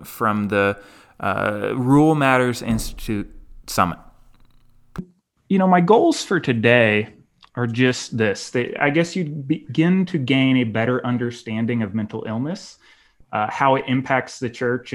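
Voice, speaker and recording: A man's voice: medium pitch, a bit bright. A male pastor giving a conference talk, candid and personal, with frequent fillers and restarts. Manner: halting, many fillers and restarts.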